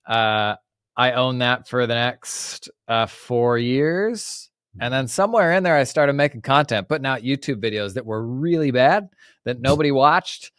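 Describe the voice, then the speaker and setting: A man in his forties from the United States talks as a podcast guest over a video call, relaxed and chatty, with plenty of "like"s. His voice is smooth and clear, and it sounds dry and close with no room echo. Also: mid-range voice, a little slow. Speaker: podcast guest, former firm owner. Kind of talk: casual interview talk.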